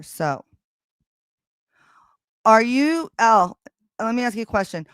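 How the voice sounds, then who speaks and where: A woman hosting a livestream, chatting casually with viewers in a loud, animated way and swearing freely, recorded on a streaming microphone. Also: a little high, slow, clear, resonant tone, no echo. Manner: loud and animated when excited. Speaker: livestream host.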